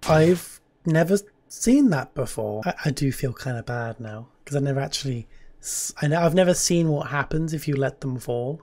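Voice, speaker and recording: A woman's voice: extremely low pitch, animated, moderate pace, mellow, a little hiss or hum. A woman streamer giving casual, crude, jokey let's-play commentary with plenty of swearing.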